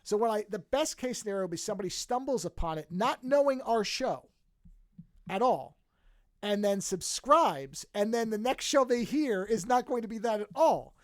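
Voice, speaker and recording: High-voiced rambling podcast host, dry mic. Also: male voice, animated, moderate pace, dry recording. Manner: rambling, self-amused, many restarts. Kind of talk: casual chat.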